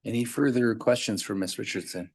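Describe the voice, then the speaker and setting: A man chairing a legislative committee hearing, calling on speakers in a brisk, procedural way. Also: lowish voice, creaky, a little mellow, slightly rough, dry recording, clean studio sound.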